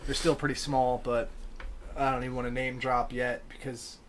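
A young adult man co-hosting a podcast, chatting casually and swearing in a relaxed way. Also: mid-range voice, moderate pace, a little hiss or hum. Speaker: podcast co-host. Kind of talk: casual chat.

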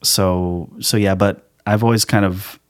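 A man with a low voice chatting easily on a podcast, laughing now and then. He talks like an actor who enjoys a bit of mimicry. The sound is close and dry, with no room around it. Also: fairly even intonation, measured pace, no room sound. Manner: playful, laughs often, dips into impressions. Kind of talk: casual chat.

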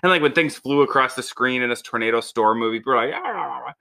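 A man co-hosting a podcast in casual chat, an animated storyteller who swings his voice up when quoting people. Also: medium pitch, fast talker, clear, resonant tone. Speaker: podcast co-host.

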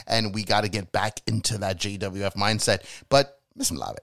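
A man's voice: on the low side, fairly even intonation, brisk, a bit bright, no room sound, studio quality. A man co-hosting a podcast in casual comedic chat, playful and often putting on a mock-fancy posh voice in sing-song. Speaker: podcast co-host.

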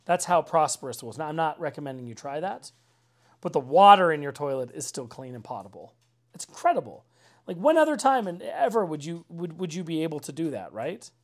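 Conversational pastor, casual sermon delivery. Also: male voice, a little high, very animated, brisk. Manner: conversational, peppered with "like" and "right?"; earnest, with dry mocking asides. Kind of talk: informal sermon.

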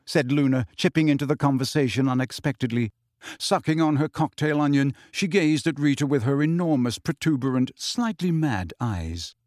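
A man's voice: medium pitch, moderate pace, darkish tone, dry recording. Man narrating a novel, dry close sound. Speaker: audiobook reader. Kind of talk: scripted narration.

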